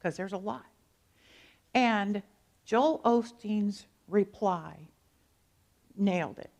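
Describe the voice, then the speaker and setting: A woman's voice: mid-range voice, slow pace, vocal fry, a little mellow. An American woman minister giving a conversational sermon, telling stories and turning to the congregation with asides.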